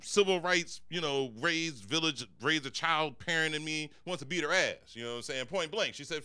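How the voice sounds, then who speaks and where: A young adult man performs a stand-up comedy set, telling profane, conversational stories and addressing the audience directly. His voice is a little high, pushed, bright, and clean, at a normal speed with hardly any pauses.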